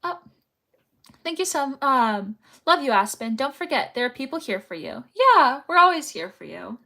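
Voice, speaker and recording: Young woman, live-stream chatter, rambling; bright, lively, swooping voice. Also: sits high, normal speed. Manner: chatty, rambling, reads chat messages aloud. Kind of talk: casual chat while sewing on a livestream.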